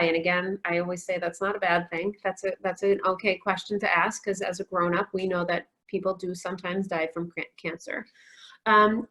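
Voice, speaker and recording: A woman's voice: medium pitch, steady tone, moderate pace. A woman in her forties, a counselor giving a conference talk, telling stories with frequent "um" fillers. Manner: warm storytelling with frequent "um" fillers. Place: virtual conference.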